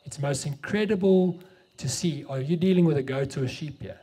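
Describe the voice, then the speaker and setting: A man's voice: a little high, fairly quick, dark tone, husky. A middle-aged South African man with an Afrikaans accent, preaching a sermon and telling a story, mixing English and Afrikaans.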